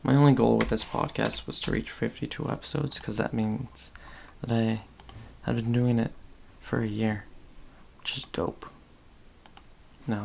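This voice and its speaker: A man's voice: medium pitch, gravelly, darkish tone, a little hiss or hum. A man with a Boston accent, a podcast host rambling distractedly and muttering to himself while he works on a casual livestream.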